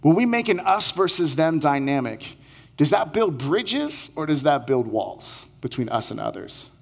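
A man's voice: fairly high pitch, very animated, unhurried, gravelly. A male pastor giving a conversational sermon, acting out quoted lines as he speaks. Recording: long hall reverb.

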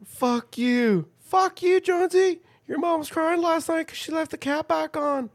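A man doing a shrill hockey trash-talker. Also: unhurried. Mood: taunting. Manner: crude taunting insults. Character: brash young male hockey trash-talker.

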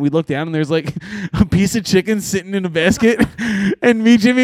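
A man on a podcast casually telling band road stories, animated and swearing, laughing often. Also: sits high, brisk, few pauses, no room sound. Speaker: podcast co-host and band member. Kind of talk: casual storytelling chat.

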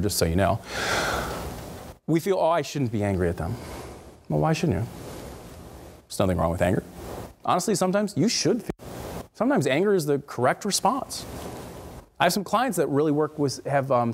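A middle-aged man, a counselor, giving a faith-based parenting talk in an emphatic way. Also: a little hiss or hum. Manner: animated, emphatic, swings pitch high for emphasis.

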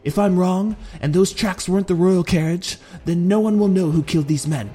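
A man's voice: sits high, moderate pace, mellow, breathy edge, faint music behind, voice pushed up. A male narrator voicing a stern male general who gives clipped, urgent orders. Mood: grim resolve.

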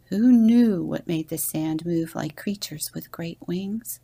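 A woman deacon reads a children's story aloud in a slow, gentle manner. Her voice is low and gravelly, with a dark, mellow tone. Now and then she drops into a husky whisper. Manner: gentle read-aloud narration with whispered passages. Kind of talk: storybook reading.

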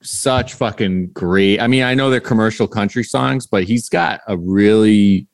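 Low-voiced, enthusiastic podcast cohost, man. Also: measured pace, gravelly, no room sound. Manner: enthusiastic, profane. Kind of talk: casual chat.

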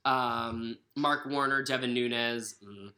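A woman's voice: very deep voice, slow pace, bright, forceful tone. A young woman co-hosting a casual podcast, rambling through news with fillers and self-corrections. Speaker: podcast co-host. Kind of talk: casual chat.

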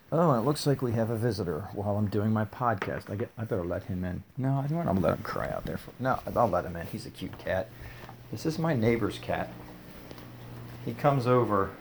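A man's voice: on the low side, background noise. A man hosting his own podcast, talking in a loose, rambling way with many fillers. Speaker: podcast host. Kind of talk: casual rambling chat.

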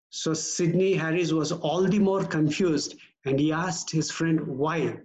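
Male pastor, slightly high voice, deliberate unhurried sermon delivery, earnest emphasis. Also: steady tone, darkish tone, low-quality recording. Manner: measured, earnest preaching with slow emphatic stresses.

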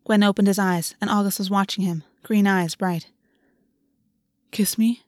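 A woman narrating a fantasy novel in a measured, steady reading voice of middling pitch. The sound is dry and close, with no room echo. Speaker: audiobook narrator. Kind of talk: scripted narration.

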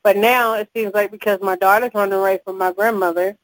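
A woman, a mother and podcast co-host, chatting casually and telling animated stories with frequent laughs. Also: medium pitch, fairly quick, no room sound, rough recording. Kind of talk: casual chat.

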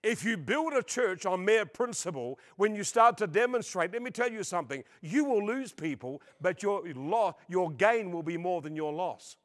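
Animated man preaching with humor. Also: high voice, moderate pace, few pauses. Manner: animated and humorous, acts out voices and laughs. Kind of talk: storytelling sermon. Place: church service before a congregation.

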